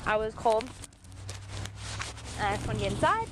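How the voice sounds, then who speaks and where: Young woman, high lively voice, casual vlog chatter, outdoors in snow, noisy camera audio. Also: normal speed. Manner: chatty, talks baby talk to pets. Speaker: vlogger. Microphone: handheld camera.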